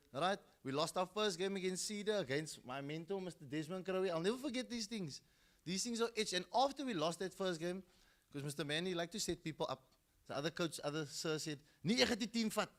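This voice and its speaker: A man's voice: high-pitched, brisk, a bit bright. A middle-aged man with a South African accent, giving a storytelling speech at a school football launch and acting out the people he quotes.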